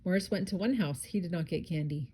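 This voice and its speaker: Mellow-voiced mom reading a storybook aloud. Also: female voice, on the low side, quick pace, slight background noise. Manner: expressive, chatty asides. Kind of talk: reading a picture book aloud with asides.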